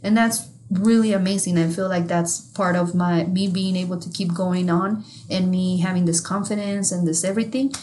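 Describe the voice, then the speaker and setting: A woman's voice: lowish voice, normal speed, hardly any pauses. Profane, candid woman podcast co-host. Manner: candid and profane, animated when amused. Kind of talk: casual chat.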